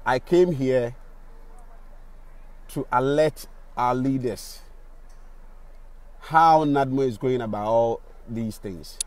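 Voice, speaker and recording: A man's voice: mid-range voice, takes it slowly, long pauses, a little mellow, no echo. A Ghanaian man, a radio presenter, giving indignant on-the-spot video commentary on a city street, repeating rhetorical questions.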